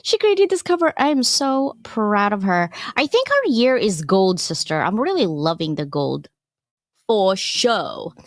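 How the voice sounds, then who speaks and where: A woman's voice: medium pitch, very animated, unhurried, no room sound, clean studio sound. A woman giving a casual live presentation as a workshop presenter, chatty and encouraging, with frequent digressions.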